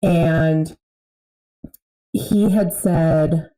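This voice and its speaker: Woman, low and mellow voice, candid storyteller in casual podcast talk. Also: steady tone, very slow, roomy sound, poor audio. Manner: candid storytelling, laughs often. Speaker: podcast conversation partner, mother.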